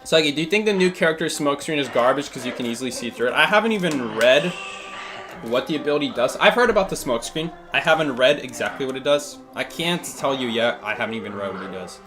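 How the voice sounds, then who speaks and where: A man's voice: medium pitch, expressive, fast, music in the background. A man thinking aloud through a live gameplay stream, answering chat questions with plenty of fillers and restarts. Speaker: game streamer.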